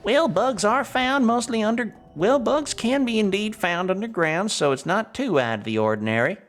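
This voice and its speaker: A prim female dungeon ecologist, voiced by a man in falsetto, explaining matters in a high, genteel voice. The manner reaches for a Southern belle. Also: expressive, a little fast, fairly bright tone, soft background music.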